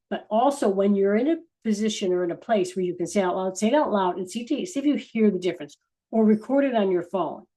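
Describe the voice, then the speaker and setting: A woman giving a casual spiritual talk to her viewers as a channeler, earnest and rambling, often restarting and trailing off softly. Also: mid-range voice, poor audio.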